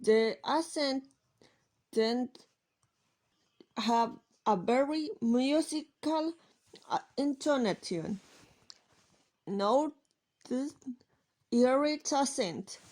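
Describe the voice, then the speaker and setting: Slow, halting woman reading aloud. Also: high-pitched, animated, a little mellow. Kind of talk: reading a class presentation.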